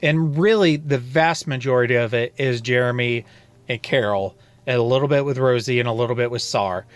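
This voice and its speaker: A man's voice: medium pitch, fairly quick, no echo. A man co-hosting a casual book club podcast, hesitant and repeating words as he talks. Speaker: podcast co-host.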